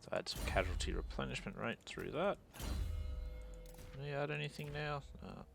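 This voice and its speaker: A man's voice: medium pitch, expressive, normal speed, creaky, over music. A man thinking aloud as he plays a strategy game, muttering and mocking his own mistakes. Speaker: gaming channel host.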